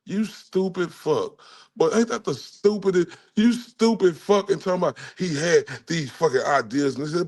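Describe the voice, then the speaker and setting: Slightly high-pitched with a darkish tone, this livestream host from Dallas, Texas, speaks at a moderate pace. He's furious, ranting with heavy profanity.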